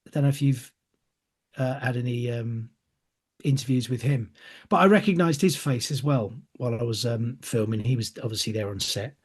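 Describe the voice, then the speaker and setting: Speaking at an ordinary pace in a mid-range voice that's darkish and a bit rough, a middle-aged actor from England chats through a relaxed interview. He tells stories and performs the voices of the characters in them.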